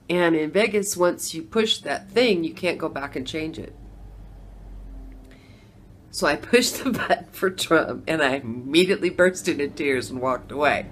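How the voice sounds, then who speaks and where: Sitting low in pitch, a middle-aged woman's voice moves a little slowly, with long pauses and slight background noise. A former Democrat voter, she tells her personal story casually, often laughing and playing out her reactions.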